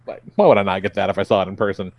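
A man's voice: sits low, racing, no echo, muffled recording. A man hosting a podcast in casual chat, loose and profane, laughing often. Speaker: podcast host.

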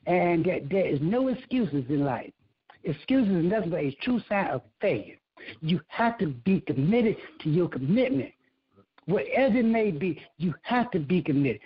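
A man giving a casual motivational rant, preachy and profane, repeating himself, with a husky voice. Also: sits high, very animated, moderate pace, highs cut off.

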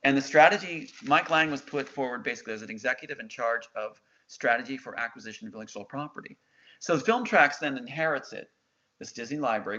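A man's voice: mid-range voice, bright, forceful tone. A middle-aged man as an interview guest, telling his story in an intense, insistent way and quoting others' words. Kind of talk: emotional storytelling. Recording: dull lo-fi sound.

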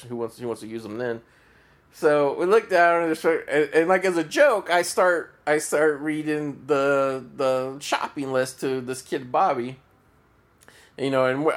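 A man hosting a solo podcast, telling a story in a rambling, profane way with many restarts. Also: medium pitch. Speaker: podcast host.

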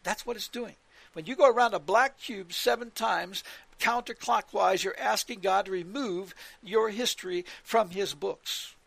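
A man preaching with a high, gravelly voice and a dry, close sound. He talks emphatically, presses his points again and again, and rattles off scripture verses. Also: unhurried, a bit bright, no room sound. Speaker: religious radio teacher.

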